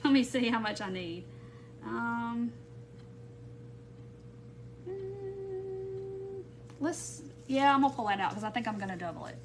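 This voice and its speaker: A woman's voice: fairly high pitch, very animated, takes it slowly, long pauses, noisy background. A woman hosting a live craft stream, rambling and thinking aloud as she works and greets viewers by name. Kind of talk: casual craft tutorial chat. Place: home craft room.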